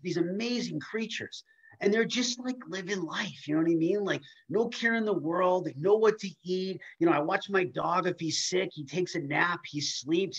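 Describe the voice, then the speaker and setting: Casting: fired-up man with a higher voice, muffled video-call audio, motivational co-host. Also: husky. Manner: emphatic, animated, swears casually. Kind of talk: casual motivational talk.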